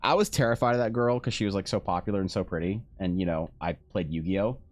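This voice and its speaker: On a live art stream, a man with a low voice talks at a quick pace, chatting casually while drawing. He tells rambling stories, swears freely and laughs a lot.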